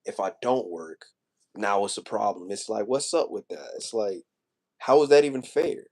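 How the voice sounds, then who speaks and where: A man's voice: lowish voice, animated, normal speed, a little mellow. A man in his twenties venting to a livestream chat in a casual, slangy rant, repeating himself and growing emotional. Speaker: streamer.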